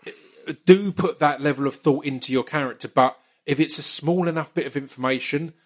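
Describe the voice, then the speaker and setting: A man hosting a casual chat, animated, with stammered restarts. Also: on the high side, a little fast. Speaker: podcast host, actor.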